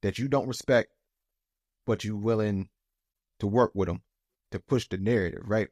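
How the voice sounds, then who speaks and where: A man with a lowish voice co-hosts a podcast in loose, casual chat. He circles back on his words with plenty of fillers and builds to heated, emphatic bursts. The sound is dry, with little room. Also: normal speed, a little mellow, no echo. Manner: heated, rising to emphatic outbursts; loose, repetitive phrasing with many fillers. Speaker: podcast co-host.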